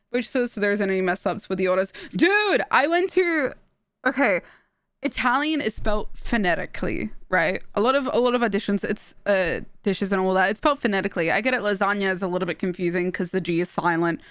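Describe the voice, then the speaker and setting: A young woman from Australia, chatting casually on a stream and telling stories in an animated way, with restarts and laughs. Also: medium pitch, smooth, no echo. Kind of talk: casual chat while streaming.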